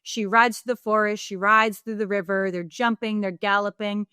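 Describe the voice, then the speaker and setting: A woman co-hosting a podcast, recapping a book in a casual, animated and joking way, with plenty of swearing. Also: mid-range voice, normal speed, smooth, dry recording, clean studio sound. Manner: animated, profane, joking storyteller. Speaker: podcast co-host.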